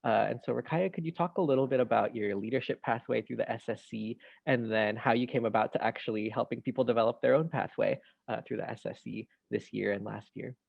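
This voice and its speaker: A man moderates a video call panel, his gravelly voice friendly and hesitant, full of ums. The audio is dull and lo-fi. It is dry, with no room echo. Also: mid-range voice, fast talker, hardly any pauses.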